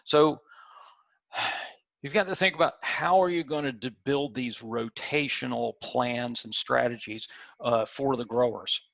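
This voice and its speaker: Male lecturer, creaky voice, explanatory and questioning, dull lo-fi dry recording. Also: medium pitch, a little slow, fairly bright tone, dry recording. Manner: explanatory, asks the audience questions, some stumbles on product names. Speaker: extension weed scientist lecturing.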